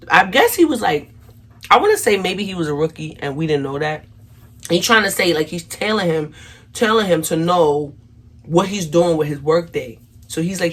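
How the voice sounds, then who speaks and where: A young woman with a New York accent telling a storytime vlog, animated and acting out the quotes, talking straight to her viewers. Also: low-pitched, moderate pace, slightly rough. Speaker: vlogger.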